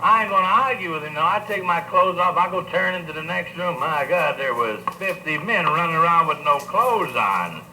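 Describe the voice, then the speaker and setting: A middle-aged male comedian with a slightly high voice, spinning bawdy, folksy yarns and talking straight to the crowd. The live club recording is noisy, with a clear hiss under his voice. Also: lively intonation, normal speed, few pauses. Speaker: stand-up comedian. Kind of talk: live stand-up joke telling.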